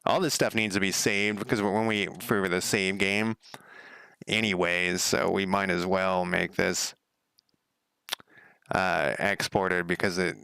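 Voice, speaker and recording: A man's voice: deep voice, vocal fry, pushed and bright, clean tone, no echo, studio quality. A middle-aged man giving casual, rambling commentary as he codes a game, talking to himself and laughing at his own slips. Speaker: game developer streaming his coding. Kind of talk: casual live coding commentary.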